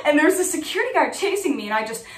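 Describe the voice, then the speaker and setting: A woman's voice: high-pitched, big pitch swings, racing. A woman playing a giddy young woman who chats breezily about her imaginary celebrity friend, in an audition monologue. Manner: chatty, breezy, full of fillers. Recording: echoey room, mic at a distance.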